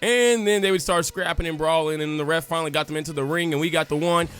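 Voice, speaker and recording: Animated high-voiced man narrating a game. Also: fast. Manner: animated, joking storyteller acting out crowd chants. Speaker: gaming YouTuber. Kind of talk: casual let's-play commentary. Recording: faint music underneath.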